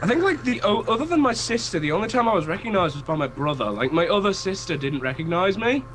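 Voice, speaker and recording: A man's voice: high voice, sing-song, fast, crowd noise. A young man with a Teesside accent, co-hosting a casual podcast, wry and explanatory with many fillers. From northeast England. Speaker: podcast co-host. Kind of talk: casual chat.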